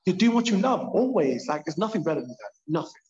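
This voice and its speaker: Fast-talking London man, echoey. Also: high-pitched. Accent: London English. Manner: animated, emphatic storyteller. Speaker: purpose coach, podcast guest. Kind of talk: casual podcast conversation. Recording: echoey, dull lo-fi sound.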